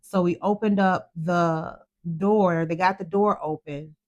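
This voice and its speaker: A woman's voice: lowish voice, fairly even intonation, a little slow, darkish tone, highs cut off. A middle-aged woman telling an emotional story of a crash as a podcast co-host, earnest and close to tears. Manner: earnest, tearful retelling, quotes herself.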